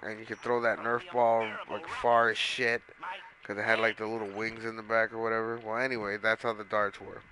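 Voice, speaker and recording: A man's voice: fairly low pitch, little pitch movement, a little fast, noisy background. A man casually telling a long story while playing a video game, rambling with lots of swearing and fillers. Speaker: gaming streamer.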